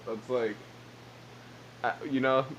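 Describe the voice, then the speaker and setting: A man's voice: mid-range voice, little pitch movement, measured pace, lo-fi sound, slight background noise. A young man co-hosting a casual podcast, jokey and rambling, laughing often. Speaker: podcast co-host. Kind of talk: casual chat.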